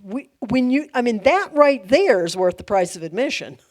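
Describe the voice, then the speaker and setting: A middle-aged woman pastor teaching a Bible study, animated, laughing often and acting out quoted lines. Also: on the high side, moderate pace.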